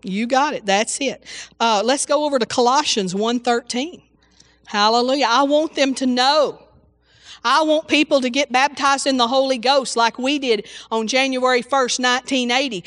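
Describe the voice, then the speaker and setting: A woman's voice: high voice, a bit bright, dry recording. Woman, preacher, informal sermon, exclamatory, dry close sound. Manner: repetitive, exclamatory, frequent hallelujahs and restarts.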